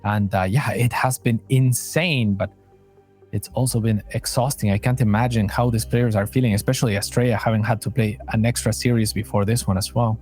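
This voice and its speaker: A man's voice: lowish voice, steady tone, fairly quick, a little mellow, soft background music. A man casting a live strategy game match, talking in a loose, chatty way with lots of fillers and easy laughs. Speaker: esports caster.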